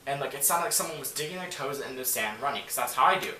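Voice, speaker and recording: Guy rambling thru a story w lots of likes and cussing, bright voice, sounds a bit far off w faint hiss. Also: medium pitch, expressive, fast. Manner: rambling, filler-heavy, swears freely. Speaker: vlogger telling a story. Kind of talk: casual storytelling to camera. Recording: echoey room, voice from a distance, faint noise.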